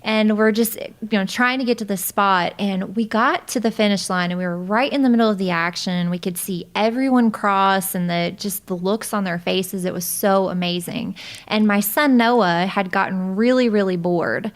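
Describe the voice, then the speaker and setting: A woman's voice: medium pitch, moderate pace. A woman in her thirties, a podcast guest, telling her personal story in a vivid, candid way, often breaking into laughter.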